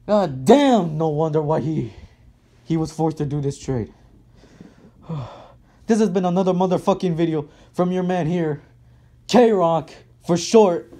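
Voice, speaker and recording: A man's voice: high-pitched, measured pace, pauses often, dark tone. A man ranting about his basketball team in an angry, heated way, swearing constantly and repeating himself. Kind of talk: angry sports rant.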